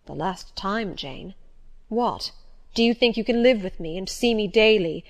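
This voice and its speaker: A woman reading an audiobook voices a passionate, agitated gentleman who pleads and insists loudly. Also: mid-range voice, lively intonation, a little slow. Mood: pleading. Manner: pleading and vehement, louder than the narration. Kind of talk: audiobook character voice.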